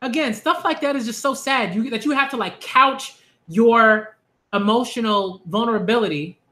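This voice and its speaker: A man giving a ranting commentary vlog on manga, animated and exasperated, repeating phrases for emphasis. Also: extremely high pitch, moderate pace.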